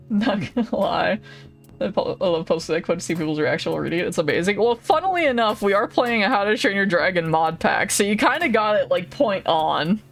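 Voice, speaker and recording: A woman's voice: mid-range voice, lively intonation, fairly quick, gravelly. Chatty woman streamer, faint music behind. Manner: chatty, laughs often, swears casually. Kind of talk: casual live-stream chat. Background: faint background music.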